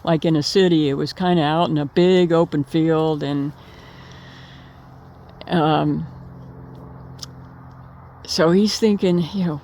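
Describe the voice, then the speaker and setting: A woman's voice: low voice, slow, long pauses, dark tone, a little hiss or hum. A woman casually telling a personal memory to her viewers, rambling with fillers and restarts and laughing now and then. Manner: laughs while telling stories. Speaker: vlogger remembering her late partner. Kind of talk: casual storytelling.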